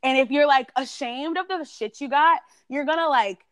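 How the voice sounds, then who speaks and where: Higher-voiced woman musing on a podcast. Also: moderate pace, dry recording, studio quality. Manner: reflective, talks in loose restarts with many fillers. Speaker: podcast co-host. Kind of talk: casual chat.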